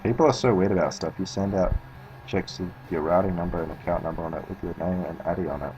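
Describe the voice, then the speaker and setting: Deep and darkish in tone, this man talks fast as he streams a speedrun, rambling casually in an Australian accent, cursing a lot and chuckling at himself. The sound is lo-fi with a little hiss or hum.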